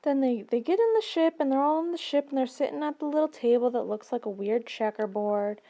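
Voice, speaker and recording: A woman with a fairly high voice tells a comedic movie recap. Her delivery is rambling and playful, and she adds her own sound effects along the way. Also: animated, brisk, mellow. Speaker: video creator.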